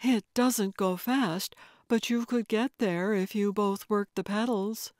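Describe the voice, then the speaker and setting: A woman narrator voicing a wry, matter-of-fact woman neighbor, a little higher than her narration. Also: steady tone, slow, darkish tone, dry recording, clean studio sound, close to an everyday voice.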